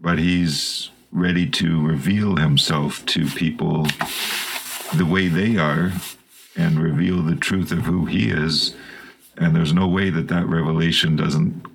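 A man hosting a talk responds slowly and thoughtfully. His voice is extremely deep, with a gravelly, husky texture. He chooses his words with care. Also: fairly even intonation, a little hiss or hum, low-quality recording. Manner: slow, thoughtful. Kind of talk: reflective conversation.

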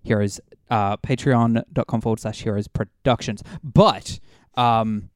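A man's voice: lowish voice, fairly even intonation, measured pace, dry recording, studio quality. A young Australian man co-hosting a casual gaming podcast, chatty and often laughing. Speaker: podcast co-host and streamer.

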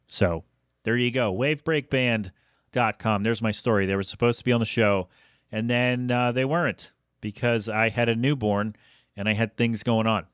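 Fast-talking chatty male podcast host. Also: mid-range voice, fairly even intonation, fairly bright tone, no echo, clean studio sound. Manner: fast, self-interrupting, chatty. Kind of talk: rambling solo podcast monologue.

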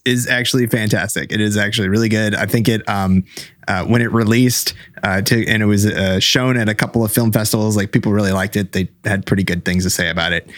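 A man walking through background facts on a podcast, hesitating with fillers. His voice is on the low side. The recording is dry and close. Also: fairly bright tone, dry recording. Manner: explaining with many fillers. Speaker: podcast co-host. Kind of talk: casual chat.

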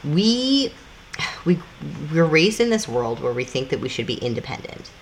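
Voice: medium pitch, big pitch swings, normal speed, a little hiss or hum. A podcast co-host, explaining things in loose, casual chat that swears freely and acts out little scenes.

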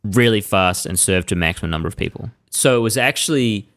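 A man hosting a podcast, retelling a story in relaxed, casual conversation. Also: lowish voice, fast talker, no room sound, studio quality. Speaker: podcast host telling the story. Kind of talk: casual chat.

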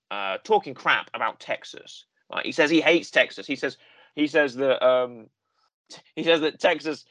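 A man co-hosting a wrestling review show, telling stories in a rambling, animated way with lots of repetition. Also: on the high side, no echo. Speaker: podcast co-host. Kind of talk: casual chat.

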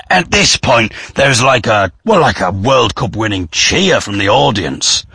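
Guy telling a story, bright husky voice, very lively, dry close sound. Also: medium pitch, normal speed, dry recording. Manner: animated, acts out crowd shouts. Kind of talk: storytelling vlog.

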